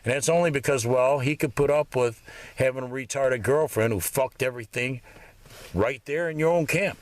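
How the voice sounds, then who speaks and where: Man, 50s, bitter profane rant, rambling, mid-pitched voice, dry recording. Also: moderate pace, dry recording. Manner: bitter, rambling, swears constantly. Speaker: vlogger. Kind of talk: angry profane monologue.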